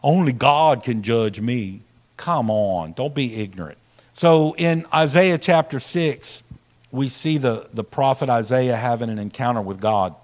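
A man preaching from the pulpit in a sermon. His delivery keeps swelling louder and then dropping low. He asks the congregation questions as he goes. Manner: lively preaching, rising and dropping loudness, asks the crowd questions. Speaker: pastor.

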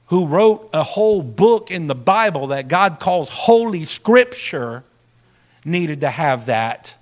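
A man preaching from the pulpit in a sermon. His delivery keeps swelling louder and then dropping low. He asks the congregation questions as he goes. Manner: lively preaching, rising and dropping loudness, asks the crowd questions. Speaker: pastor.

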